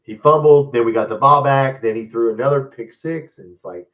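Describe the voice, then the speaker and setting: A man's voice: mid-range voice, brisk, distant mic, highs cut off. A man hosting a live fan stream, ranting bluntly and rambling about football, often calling his viewers guys. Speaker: fan channel host. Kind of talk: live-stream sports commentary, casual rant.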